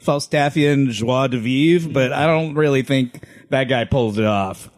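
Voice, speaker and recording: A man's voice: medium pitch, measured pace. A man in a casual group podcast chat, wry and sarcastic.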